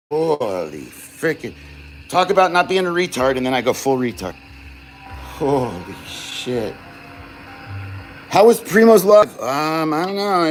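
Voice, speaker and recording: A man with a slightly high voice, with some background noise, demonstrates glassblowing live for viewers. He rambles casually, curses, and keeps distracting himself.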